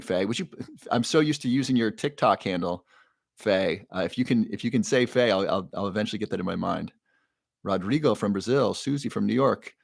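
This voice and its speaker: A man's voice: lowish voice, vocal fry, no room sound, studio quality. A man hosting a live stream on health, chatting casually and reading viewers' names and questions from the chat aloud. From Ohio. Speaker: livestream host.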